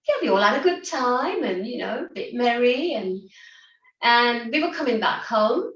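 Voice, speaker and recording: A woman's voice: fairly high pitch, fairly bright tone, lo-fi sound. A woman guiding an online laughter yoga session, upbeat and encouraging, often breaking into laughter. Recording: roomy, distant from the mic.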